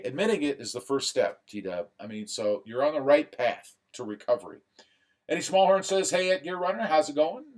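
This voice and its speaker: A man hosting a live stream in casual chat, reading out viewer comments one after another. His pitch moves a lot and climbs high when he gets excited. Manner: reads viewer comments aloud and chats back; animated, rising when excited.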